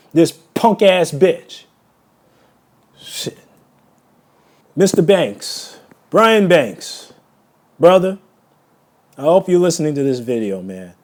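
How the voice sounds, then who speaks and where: A man with a fairly high voice, venting angrily and emotionally to his camera. He hammers insults again and again, stumbling and restarting his sentences as the feeling runs over. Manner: angry, insulting, repeats words. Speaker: vlogger. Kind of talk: heated solo video rant.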